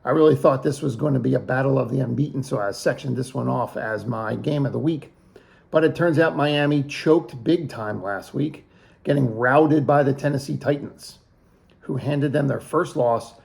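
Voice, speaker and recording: A middle-aged man with a gravelly edge to his voice, talking through a fantasy football week in a relaxed, joking way. He pokes fun at himself and rattles off matchups, players and point projections, at an ordinary pitch for a man. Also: normal speed. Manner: jokey, self-mocking, rattles off picks and projections. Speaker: fantasy football league host. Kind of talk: casual weekly league preview.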